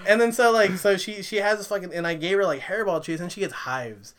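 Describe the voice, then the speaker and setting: A young man on a casual podcast, rambling through profane, animated stories. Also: high-pitched, brisk, over a noisy crowd. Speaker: podcast co-host. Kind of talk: casual chat.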